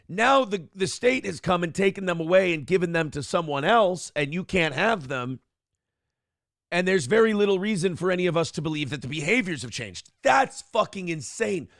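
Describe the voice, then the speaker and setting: A man hosts a morning talk show, swearing freely and poking fun at himself. His voice sits a bit high with a gravelly edge, heard dry and close on a desk microphone. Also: dry recording. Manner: profane, animated, self-deprecating. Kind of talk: casual podcast rant and chat. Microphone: headphones and clamp-mounted desk microphone.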